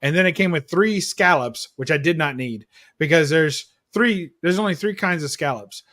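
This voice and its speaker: A man's voice: fairly high pitch, animated, normal speed, a bit bright. A man on a video call hangout, chatting casually and rambling through a story with fillers. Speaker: panel guest. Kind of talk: casual chat.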